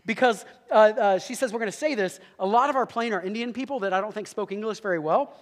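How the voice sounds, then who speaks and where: A man telling a humorous story in a sermon, animated and quick, with asides to the audience. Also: sits high. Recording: long hall reverb.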